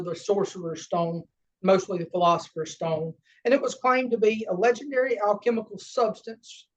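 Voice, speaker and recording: A man with a Southern American accent giving an unscripted lecture, halting often with fillers and self-corrections. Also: high-pitched. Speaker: lodge education lecturer. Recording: distant, dull lo-fi room recording.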